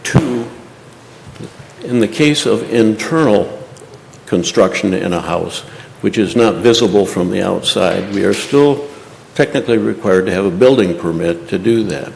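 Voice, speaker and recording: A man giving measured, methodical public comment at a council meeting. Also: on the low side, gravelly, darkish tone. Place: council chamber. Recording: echoey hall with faint room noise.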